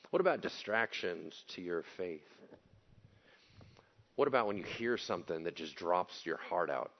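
A male pastor preaching a conversational sermon, animated and joking. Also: deep voice, moderate pace, muffled recording. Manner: animated, joking, acts out quotes.

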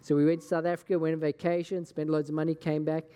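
A man's voice: a little high, flat delivery, quick pace, mellow, clear, resonant tone. A man with a Scottish accent preaching a sermon as a casual, chatty personal story, acting out conversations along the way. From Scotland. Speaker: pastor. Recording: long hall reverb.

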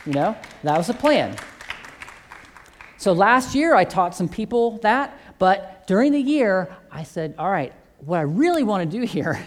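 A man's voice: sits high, sing-song, unhurried. A man who teaches a church faith course, telling a testimony story and acting out both sides of the conversations.

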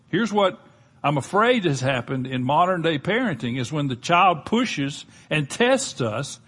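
Husky older Southern preacher. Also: male voice, a little high. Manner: folksy, conversational preaching with humor. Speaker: pastor. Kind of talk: sermon.

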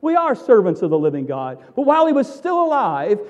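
A male pastor preaching a sermon, emphatic and theatrical, swinging from loud to hushed. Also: sits high, huge pitch swings, fairly quick, hardly any pauses, big-room sound.

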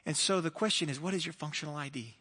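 Preacher, male: high, bright, earnest, long hall reverb. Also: fast, slightly rough. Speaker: pastor. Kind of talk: sermon. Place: church hall.

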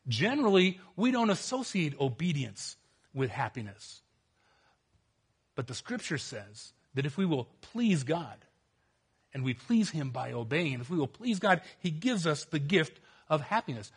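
A man preaching a sermon, earnest and emphatic, swinging between loud outbursts and quiet, low stretches. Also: big pitch swings, normal speed, slightly rough. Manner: earnest, emphatic, rising to exclamations and dropping to quiet.

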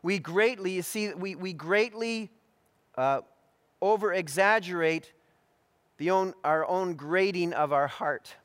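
Higher-voiced male preacher in a reverberant hall. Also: a bit bright, clear, resonant tone. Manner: measured, deliberate delivery with frequent restarts and fillers. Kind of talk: expository sermon.

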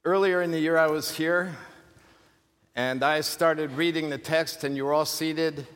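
A male pastor preaching an animated, emphatic sermon with rhetorical questions and humorous asides. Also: on the high side, a little slow. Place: church sanctuary. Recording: long hall reverb from a church.

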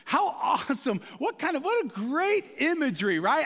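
A pastor delivers his sermon with a very high, bright voice that rises and falls freely. He is loud and passionate and pushes to a shout for emphasis. His voice rings through a hall with a long reverb. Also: sing-song, moderate pace, hardly any pauses.

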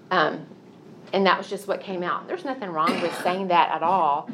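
A woman's voice: fairly low pitch, fairly even intonation, normal speed, fairly bright tone, slight background noise. A middle-aged woman giving a Christian teaching talk, telling personal stories in an earnest, confessional way. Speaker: Christian speaker.

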